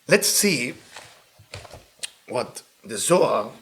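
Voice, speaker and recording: A male Kabbalah teacher leaps up and down in pitch as he tells his stories, his voice bright and gravelly. His husky tone leans hard on each point. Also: drawn-out words. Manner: animated, emphatic storytelling. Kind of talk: lesson with storytelling.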